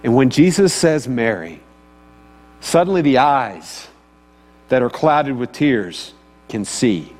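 A man's voice: mid-range voice, big pitch swings, slow, darkish tone. Man preaching in an echoey hall. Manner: conversational, asks the audience questions. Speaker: pastor. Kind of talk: sermon. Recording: long hall reverb, faint mains hum.

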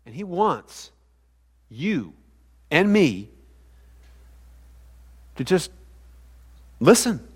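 A man with a high voice preaches a sermon in a church sanctuary and keeps asking the congregation questions. His words trail off into a long hall reverb. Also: very animated, very slow, long pauses, slightly rough. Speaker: pastor.

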